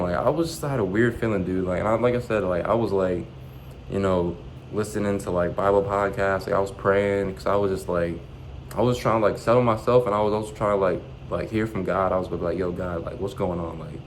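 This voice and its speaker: A young man rattles through a personal story at a quick clip, his voice sitting fairly low. He talks in slang and swears freely, with plenty of fillers. A faint hiss of background noise sits under the recording. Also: rough recording. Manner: animated, profane, slangy retelling with lots of fillers. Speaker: vlogger. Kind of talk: casual storytelling.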